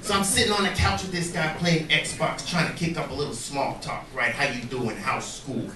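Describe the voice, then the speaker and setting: Profane stand-up comic, high voice. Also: male voice, lively intonation, a little fast, noisy background. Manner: profane, conversational, keeps asking "right?". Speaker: stand-up comedian. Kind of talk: stand-up comedy set. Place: comedy club stage before a live audience. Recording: roomy club, mic far off, loud crowd.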